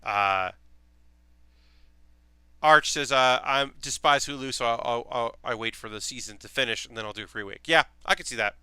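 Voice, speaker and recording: A young man talks casually to his stream while he builds, rambling with plenty of ums and offhand swearing. His voice is bright and crisp. The sound is dry, with no room echo. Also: mid-range voice, moderate pace. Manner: rambling, enthusiastic, swears freely, many fillers.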